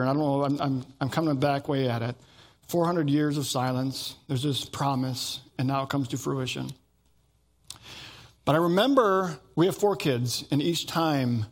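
Man, middle-aged pastor, sermon, animated storytelling, acts out voices, somewhat high voice.

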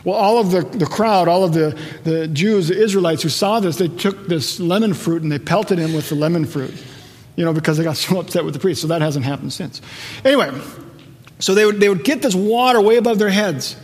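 A man with a notably high voice delivers a Sunday sermon, moving from relaxed, chatty storytelling into emphatic, rising passages. His words carry a long reverberant tail, as if spoken in a large sanctuary. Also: a little fast. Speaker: pastor.

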